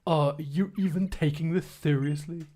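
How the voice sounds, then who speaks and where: A man's voice: fairly high pitch, fairly even intonation, moderate pace, warm tone, voice pushed up, natural voice. A man voicing an angsty, brooding teenage boy rival from a game, in a sulky, sneering way. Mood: scornful.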